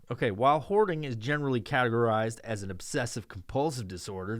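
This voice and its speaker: A middle-aged man from New York rants on his own podcast, swearing constantly and wandering between crude jokes. His voice is smooth and resonant at a middle pitch, heard close and dry with no room sound. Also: dry recording. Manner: profane, rambling, crude joking. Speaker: podcast host. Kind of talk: solo podcast rant.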